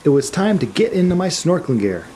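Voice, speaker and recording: A man's voice: high-pitched, big pitch swings, fast, warm tone, a little hiss or hum. An American man narrating his travel vlog with wry, self-mocking humor. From United States. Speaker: travel vlogger.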